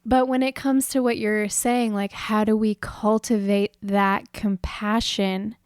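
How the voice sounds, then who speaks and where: A woman's voice: medium pitch, little pitch movement, unhurried, clean tone, dry recording, clean studio sound. A woman guest on a podcast, talking in a reflective, spiritual way with casual slang. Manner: reflective, spiritual, says "man". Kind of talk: casual conversation.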